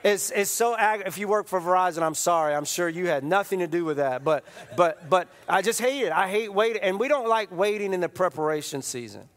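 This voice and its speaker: A middle-aged man preaching as a pastor, his voice high for a man and lively with repeated phrases and restarts. He tells stories as he goes, and a long reverb rings through the large church around him. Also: a little fast, hardly any pauses. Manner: animated, repetitive storytelling with restarts. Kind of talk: sermon.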